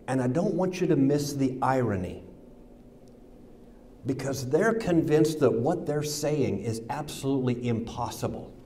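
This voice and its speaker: American guy preaching, mellow dark voice, faint room noise, goes sarcastic on the taunts. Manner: acts out the mockers' taunts with sarcasm, drops soft and low for Jesus' words. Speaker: pastor. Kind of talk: sermon with scripture reading.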